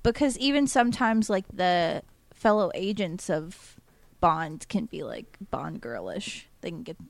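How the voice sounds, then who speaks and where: A woman's voice: lowish voice, lively intonation, unhurried, gravelly, no room sound. A woman co-hosting a podcast, talking casually and rambling, with lots of "like" fillers. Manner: rambling, heavy use of "like". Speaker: podcast co-host. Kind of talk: casual chat.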